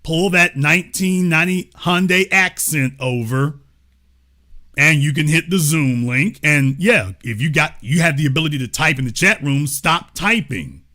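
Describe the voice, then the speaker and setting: A man's voice: a little high, moderate pace, pushed and bright. A man hosting a livestream political commentary show, talking in a mocking, sarcastic way. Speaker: show host.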